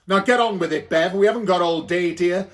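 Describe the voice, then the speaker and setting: A man's voice: high-pitched, fairly quick, close to an everyday voice. A man with a Welsh accent voicing a boozy, bossy drag queen hostess who calls everyone dear.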